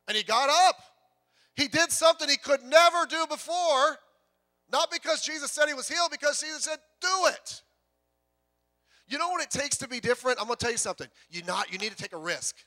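With a very high-pitched voice, this pastor gives a sermon that feels conversational and lively, sprinkling in jokes and quickly repeating himself.

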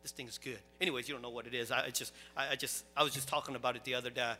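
A man preaching a sermon as pastor, swinging from quiet storytelling to loud, animated preaching. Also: medium pitch, very fast, in a large hall, soft background music.

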